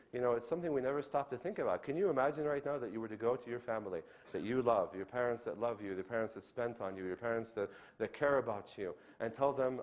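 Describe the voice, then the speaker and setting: A man giving a religious lecture to an audience, often checking in with "okay?" and acting out the lines of the people he describes. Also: mid-range voice. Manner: animated, acts out quoted speech. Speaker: Islamic lecturer. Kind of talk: lecture on inviting others to Islam.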